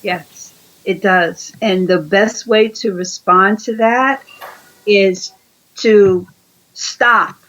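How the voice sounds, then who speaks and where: A woman's voice: medium pitch, drawn-out words, a bit bright, dull audio. A woman being interviewed, giving earnest conversational coaching advice and often repeating her phrases. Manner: earnest, repeats phrases, acts out quoted dialogue. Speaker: interview guest.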